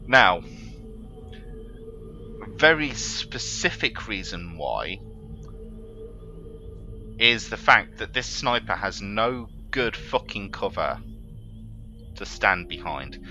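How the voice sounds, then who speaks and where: A man's voice: on the low side, big pitch swings, slow pace, pauses often, bright, forceful tone, highs cut off, faint music behind. A man commentating his own strategy game run, swearing and prone to exasperated outbursts. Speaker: gaming let's player. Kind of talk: let's play commentary.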